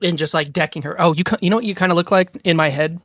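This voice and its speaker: A game master running a tabletop game over voice chat, calmly explaining the rules. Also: mid-range voice, fast, no room sound, studio quality. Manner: calm, explains rules plainly.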